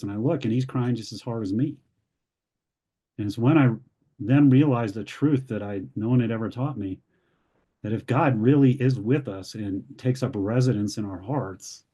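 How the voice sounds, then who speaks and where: Mellow-voiced man telling a personal story. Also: fairly low pitch. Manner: candid storytelling, acts out quoted voices, occasional laughs. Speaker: ministry founder sharing his story. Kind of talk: personal testimony.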